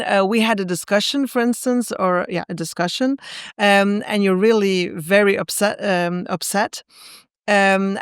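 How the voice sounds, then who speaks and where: A woman guest author explaining ideas in a podcast interview, halting often with fillers and restarts. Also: mid-range voice, smooth, dry recording, studio quality. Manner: hesitant, lots of fillers and restarts.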